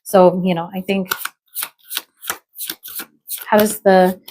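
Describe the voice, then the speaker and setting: A woman's voice: medium pitch, little pitch movement, takes it slowly, dark tone, a little hiss or hum. A woman reading tarot cards aloud in a loose, chatty flow. She breaks in with exclamations and keeps asking "okay?" as she explains each card. She sounds a little under the weather. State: unwell. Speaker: tarot reader.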